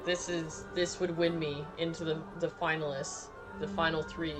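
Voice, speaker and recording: A woman's voice: low-pitched, little pitch movement, normal speed, music in the background. Crude joking woman streamer. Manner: crude, joking, laughing, tipsy banter. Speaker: game streamer. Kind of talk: casual live-stream chat.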